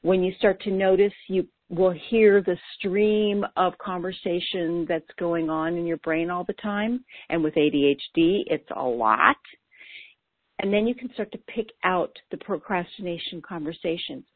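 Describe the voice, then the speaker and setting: A woman's voice: fairly low pitch, measured pace, no room sound. A woman coach with ADHD giving an earnest, lightly playful scripted talk about self-talk. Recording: dry, tinny phone-like sound.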